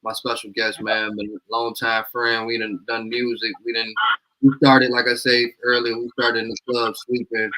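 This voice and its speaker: A man with an ordinary mid-pitched voice hosts a casual podcast chat. He speaks in relaxed street slang, often agreeing and riffing on his guest's points. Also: normal speed, poor audio. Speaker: podcast host.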